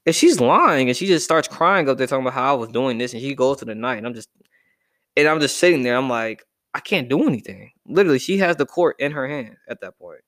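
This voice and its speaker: Animated young man ranting. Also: medium pitch, fast talker. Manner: animated, profane, emphatic. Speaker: vlogger reacting to a list. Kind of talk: casual rant.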